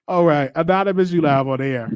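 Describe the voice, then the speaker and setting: A man's voice: on the high side, clean tone, dry recording, dull audio. A man hosting a live call-in show, cutting in on callers and stammering over repeated words. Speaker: radio show host taking calls.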